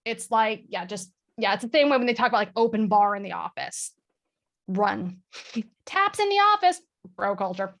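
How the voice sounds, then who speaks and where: A woman talking candidly as a guest on a video call, self-mocking and quick to laugh. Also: mid-range voice, expressive, a bit bright. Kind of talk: casual chat on a video call.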